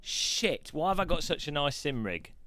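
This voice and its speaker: A man's voice: fairly high pitch, sing-song, moderate pace, sharp tone, dry recording. A middle-aged man streaming live, chatting and joking at his own expense while he fits out a sim rig. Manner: chatty, self-mocking, laughs often.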